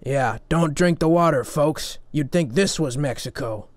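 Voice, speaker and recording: A man's voice: on the high side, measured pace, no echo, lightly acted. A man playing a paranoid, self-assured conspiracy talk-radio host who rambles and stammers, in a comedic parody. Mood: blustering.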